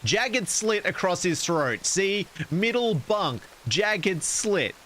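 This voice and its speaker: A man's voice: sits high, very animated, slow, fairly bright tone, a little hiss or hum, low-quality recording. A man streaming, casually reading a horror story aloud and cracking jokes to chat. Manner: casual, wisecracking asides to chat.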